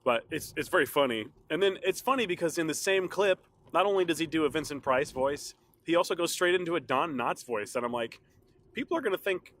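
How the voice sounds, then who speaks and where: A man's voice: on the high side, lively intonation, brisk, fairly bright tone. A man hosting his own podcast, chatting alone in a rambling, casual way with frequent laughs, his throat a little sore. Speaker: podcast host. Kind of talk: casual solo podcast chat.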